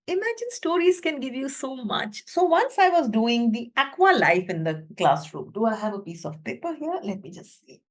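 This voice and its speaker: Animated woman teacher, slow-paced. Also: a little high. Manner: expressive, animated storyteller. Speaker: teacher and webinar presenter. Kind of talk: storytelling webinar talk. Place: her own room at home.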